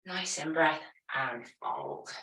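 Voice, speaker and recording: A woman teaching a yoga class, giving calm, step-by-step movement and breathing cues. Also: deep voice, takes it slowly. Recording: echoey room, voice from a distance.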